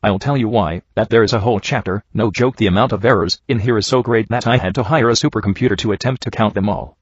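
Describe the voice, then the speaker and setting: A man reading a badly written story aloud in a dry, sarcastic, deadpan way, mocking it as he goes. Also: on the low side, quick pace, slightly rough, no echo. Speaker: reviewer reading bad fanfiction. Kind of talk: dry comedic reading and commentary. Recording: dull lo-fi home recording.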